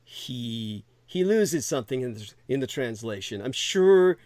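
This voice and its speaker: A man hosting a call-in talk show, rambling and halting with many restarts. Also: medium pitch, lively intonation, a little mellow, no room sound, studio quality. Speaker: podcast host. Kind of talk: casual call-in chat.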